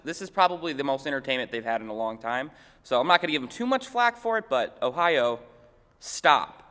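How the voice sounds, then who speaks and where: A young man hosting a comedic news parody, with deadpan wisecracks in a mock-anchor delivery. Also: mid-range voice, fast talker, long reverb tail. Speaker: segment host.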